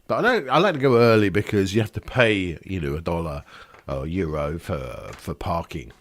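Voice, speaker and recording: A man's voice: low-pitched, expressive, moderate pace. An older man, hosting a casual Q&A vlog in a rambling, self-mocking way, often laughing at himself. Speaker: vlog host answering viewer questions.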